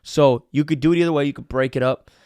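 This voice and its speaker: A man hosting a podcast, giving casual advice in an energetic, emphatic way with many fillers. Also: on the high side, quick pace, dry recording, clean studio sound. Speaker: podcast host.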